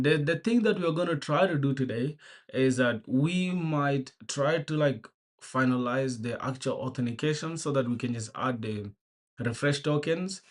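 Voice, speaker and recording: Slangy young man live-coding on stream. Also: mid-range voice. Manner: laid-back and slangy, greeting viewers by name and thinking aloud. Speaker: programmer streaming his coding. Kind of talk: casual live-stream commentary.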